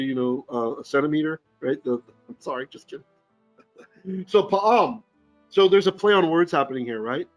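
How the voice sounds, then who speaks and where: A man teaching a live scripture lesson in a fairly high voice, animated and joking with his audience. He keeps checking in with his listeners as he explains, and faint music sits under his talk. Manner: animated, jokey teaching with frequent "right?" asides. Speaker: rabbi teaching Torah. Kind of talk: live-streamed Bible lesson. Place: Philippines.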